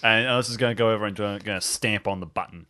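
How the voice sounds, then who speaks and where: A man's voice: lowish voice, fairly even intonation, fast talker, pushed and bright. A man playing a tabletop game, making dry jokes about his character. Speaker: player. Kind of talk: casual tabletop game chat.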